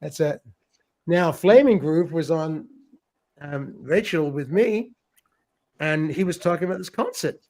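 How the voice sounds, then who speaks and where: Chatty higher-voiced man hosting a stream. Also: animated, unhurried, pauses often, a little mellow. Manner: chatty, laughs often, stumbles and repeats words. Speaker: livestream host. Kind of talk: casual chat reading viewer comments.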